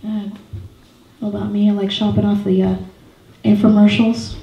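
A woman's voice: medium pitch, level tone, normal speed, gravelly, dark tone, echoey room, dull audio. A woman in her thirties doing a stand-up set, chatty and self-mocking, full of "like" and "you know". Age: 30s. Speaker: stand-up comedian. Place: small comedy venue with a live audience.

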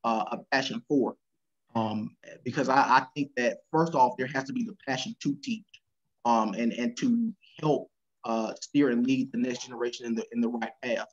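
A man answering as a panelist over a video call, earnest and measured. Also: medium pitch, muffled recording. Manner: earnest, with many fillers and restarts.

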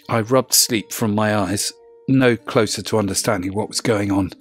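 A man narrating a first-person horror story in a measured, low-key way. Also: husky, faint music behind.

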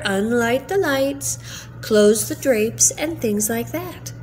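Older woman gently reading a bedtime story. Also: mid-range voice, a little hiss or hum. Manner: slow, gentle, soothing reading. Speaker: grandmother reading aloud.

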